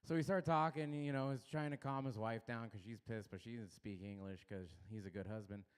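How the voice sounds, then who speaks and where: A man's voice: medium pitch, steady tone, fairly quick, smooth. A young man doing a rambling, self-deprecating stand-up set in a small comedy club. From Los Angeles area.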